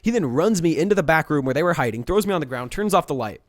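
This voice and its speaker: A young man in a storytime vlog, retelling a prank in a rambling, animated way with many restarts. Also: a little high, fast talker. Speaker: vlogger.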